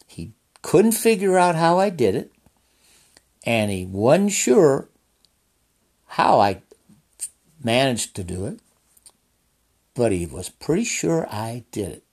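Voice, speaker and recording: A man's voice: mid-range voice, darkish tone, breathy edge. A man casually telling a personal story in a folksy, rambling way with restarts and asides.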